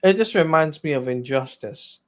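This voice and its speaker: A man co-hosting a laid-back film discussion, with a voice pitched slightly high. He speaks haltingly, filling gaps with fillers and trailing off before finding his words. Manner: hesitant, lots of fillers and trailing pauses. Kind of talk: casual movie discussion.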